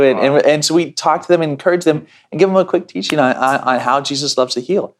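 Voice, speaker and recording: Guy in ministry telling a story all excited, lots of restarts, jumps into high voices for quotes. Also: fast, hardly any pauses. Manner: animated, many restarts, acts out quotes in a higher voice. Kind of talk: casual storytelling.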